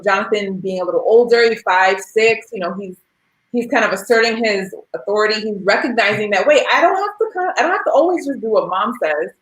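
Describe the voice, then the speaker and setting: A woman's voice: mid-range voice, fairly bright tone. Storytelling woman in a roomy space. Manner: candid, storytelling with quoted dialogue. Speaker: parent sharing experience. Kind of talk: casual discussion. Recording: roomy echo.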